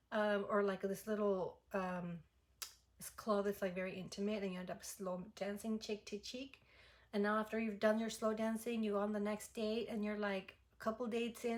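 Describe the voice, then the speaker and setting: A young woman chatting through a casual album review, full of "like" fillers and gushing enthusiasm. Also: mid-range voice. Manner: chatty and effusive, many "like" fillers. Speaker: music reaction vlogger.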